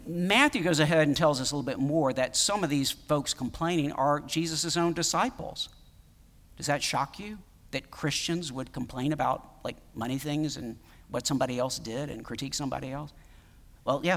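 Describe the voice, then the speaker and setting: A man's voice: on the high side, fairly bright tone, long reverb tail. A man preaching a sermon in a conversational, emphatic way, with many fillers and restarts. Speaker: pastor.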